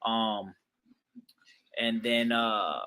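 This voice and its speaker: A man's voice: lowish voice, steady tone, very slow, sharp tone, clear, resonant tone. A young man from Queens, New York, chatting casually on a livestream about a dog raffle, rambling with lots of fillers.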